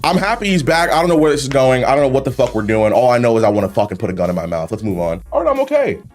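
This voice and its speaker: Swearing heavily, a man hosts a YouTube video reacting to wrestling memes and rants about wrestling in an exasperated, profane way. His medium-pitched voice is very fast with a darkish tone, and faint music plays behind him.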